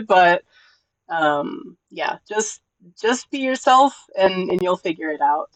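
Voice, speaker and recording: A live streamer in casual chat with viewers, gentle and encouraging, often repeating words at the start of sentences. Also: medium pitch, lively intonation, slow, no room sound, poor audio. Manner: emotional, gentle.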